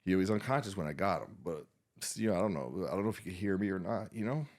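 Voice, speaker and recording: With a low-pitched, expressive voice and darkish tone, a man who is a veteran tells an emotional personal story on a podcast. His delivery is halting and subdued, full of restarts and fillers, with frequent swearing.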